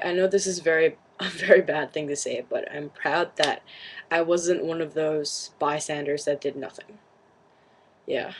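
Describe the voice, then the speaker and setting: A woman's voice: low voice, a little mellow, slightly rough, low-quality recording. A young woman vlogger whose first language is Cantonese, retelling something to camera in casual chat, rambling and shaken, with many fillers and restarts.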